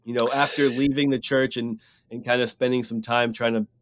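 A man hosting a podcast, asking questions in a laid-back, halting way. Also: mid-range voice, flat delivery, a bit bright, dry recording. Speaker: podcast host. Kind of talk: casual interview chat.

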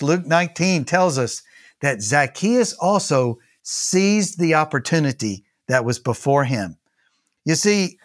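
A man with a Texan accent preaching an earnest devotional sermon as pastor, repeating key phrases. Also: on the high side.

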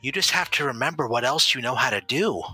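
A man voicing a childlike, earnest young man patient who talks simply and haltingly. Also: mid-range voice, lively intonation, bright, forceful tone, husky, no room sound, faint music behind, exaggerated voice.

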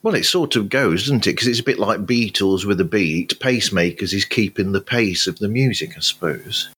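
A man's voice: fairly low pitch, animated, normal speed, a bit bright, breathy edge. A man, co-hosting a podcast, explaining band history with chatty asides. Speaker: podcast co-host. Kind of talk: casual chat.

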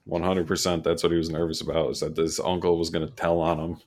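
A man in his thirties with a very deep voice tells laid-back, swearing stories in casual podcast banter. He sounds relaxed and conversational. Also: fast talker. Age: 30s. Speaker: podcast co-host. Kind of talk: casual chat.

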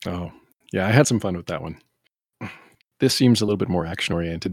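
Low husky-voiced man chatting. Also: fairly quick, no echo, clean studio sound. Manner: rambling, riffing, animated asides. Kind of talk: casual chat.

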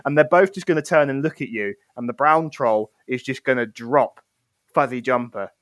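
A man's voice: mid-range voice, normal speed, a bit bright, no echo. A man running a tabletop game as game master, narrating playfully and laughing often.

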